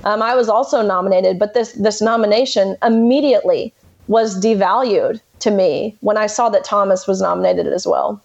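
A woman's voice: medium pitch, normal speed, vocal fry, darkish tone, lo-fi sound. A young woman in her twenties, speaking as an interview guest in an emphatic, indignant way. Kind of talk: conversational interview.

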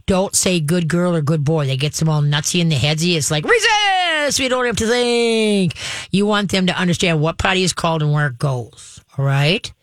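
A woman hosting a call-in radio show, giving step-by-step dog-training advice in a brisk, instructive way and checking in with "okay?" often. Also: deep voice, dry recording.

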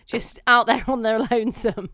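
A woman's voice: a little high, steady tone, moderate pace, fairly bright tone, dry recording, clean studio sound. A young woman co-hosting a podcast in casual chat, joking and teasing. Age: young adult. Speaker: podcast co-host.

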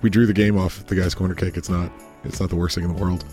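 A man's voice: low voice, level tone, quick pace, mellow, faint music behind. A man co-hosting a casual podcast chat, with wry, joking banter. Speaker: podcast co-host.

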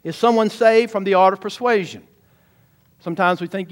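High-voiced man preaching emphatically. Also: fairly quick. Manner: emphatic, often calling out questions to the congregation. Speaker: pastor. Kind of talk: sermon.

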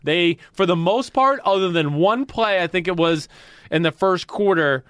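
A man's voice: high-pitched, lively intonation, normal speed, clean tone, dry recording. Man breaking down game film, dry studio sound. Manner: explains plays at length, acts out players' shouts. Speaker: football analyst, co-host. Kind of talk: casual film breakdown chat.

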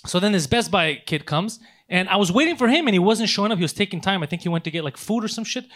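A man telling a long story in casual podcast chat, swearing often and acting out the people in it. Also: high voice. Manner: fast, profane, animated storytelling. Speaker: podcast host.

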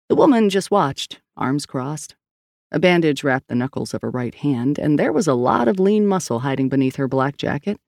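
A woman's voice: low voice, gravelly, darkish tone, no room sound, clean studio sound. A woman narrating a novel in clipped, terse scripted storytelling. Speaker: audiobook narrator.

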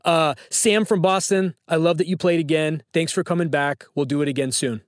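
A man's voice: on the high side, steady tone, brisk, heavy background noise. Playful man hosting a trivia call-in. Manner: playful, teasing. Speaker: trivia show host. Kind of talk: casual phone-in quiz.

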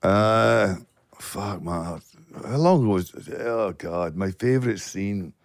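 A man's voice: fairly low pitch, animated, slow pace, gravelly, no room sound, clean studio sound. A man with a Glasgow accent, a guest actor telling blunt, sweary stories in a casual podcast chat. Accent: Scottish, Glasgow. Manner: swears a lot, blunt storytelling.

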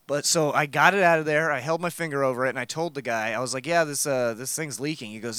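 A man's voice: mid-range voice, quick pace, few pauses, bright, forceful tone, clear, resonant tone, no room sound. Rambling, profane man telling a story. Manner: rambling, profane, lots of fillers. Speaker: storyteller in group chat. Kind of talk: casual podcast chat.

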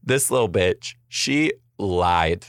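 A man with a lively, animated voice that swings up and down as he talks, recorded dry and close. He is a teacher telling wry stories in a casual chat. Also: sits low, takes it slowly, no echo.

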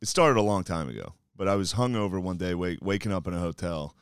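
A man's voice: low voice, lively intonation, fast, clear, resonant tone, dry recording, studio quality. A man in a casual chat, ranting bluntly with heavy swearing and mock anger. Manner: blunt, profane, mock-angry rants.

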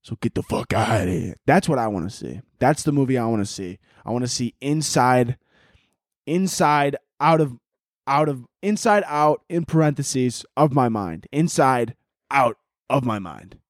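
A man's voice: mid-range voice, lively intonation, a little slow, dry recording, studio quality. A man hosting a podcast, telling a rambling, profane comic story. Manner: rambling, profane, laughing often. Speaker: podcast host. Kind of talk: casual comedic storytelling.

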